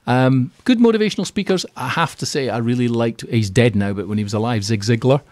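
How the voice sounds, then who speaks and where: A man chats easily in a radio studio, sharing views as a keynote speaker. His delivery is animated and he slips into quoting others. The sound is dry and close, with a mid-range voice. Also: mid-range voice, brisk, no echo. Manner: chatty and animated, acts out quotes. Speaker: radio guest, keynote speaker on property finance. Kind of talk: conversational radio interview.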